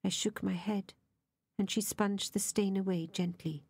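A woman reading a novel aloud as an audiobook narrator, soft and often half-whispered. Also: mid-range voice, fairly even intonation, unhurried, breathy edge, dry recording.

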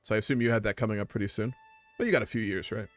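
A man's voice: lowish voice, very fast, no room sound, faint music behind. A young man streaming a strategy game, chatting casually with viewers and rambling with fillers. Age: young adult. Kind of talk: casual live-stream commentary.

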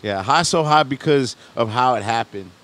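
Middle-aged man, rapper guest, mid-pitched voice, rambling slang storyteller who restarts his sentences a lot. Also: expressive, moderate pace, fairly bright tone. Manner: rambling, loose slang, frequent "you know what I'm saying", restarts and laughs. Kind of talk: casual storytelling interview.

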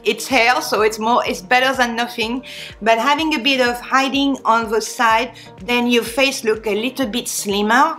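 A French-accented woman in her forties chats candidly to camera, giving beauty tips with small slips and restarts. Her voice sits a little high. Faint music plays quietly behind her. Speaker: beauty vlogger. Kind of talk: casual talk to camera.

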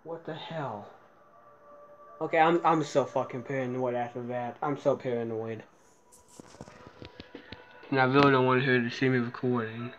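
A man filming a casual handheld vlog, jittery and muttering to himself, swearing often, sometimes dropping into soft baby talk to a cat. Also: medium pitch, fairly even intonation, normal speed, pauses often, lo-fi sound, slight background noise. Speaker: vlogger.

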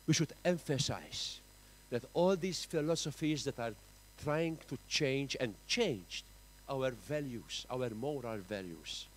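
A man with a Maltese accent preaching a sermon in church, emphatic, with big swings in pitch and loudness. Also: slight background noise, low-quality recording. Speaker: pastor.

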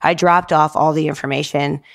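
A middle-aged woman from New Jersey, a guest telling stories in an animated, chatty way, often saying "like". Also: deep voice, normal speed, vocal fry. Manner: lively, says "like" often, acts out quoted dialogue. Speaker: guest, public art director. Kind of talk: animated storytelling in casual chat.

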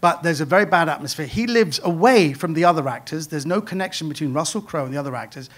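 A man's voice: a little high, expressive, fast talker, voice pushed down. A man voicing a serious film producer who explains a problem in an earnest, businesslike way.

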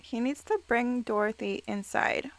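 A woman giving excitable game commentary, reacting with quick exclamations and playfully scolding the characters on screen. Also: fairly high pitch, creaky. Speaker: let's play gamer.

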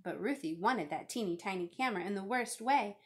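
A woman reading a children's picture book aloud, expressive and lively. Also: medium pitch, a little fast. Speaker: reader.

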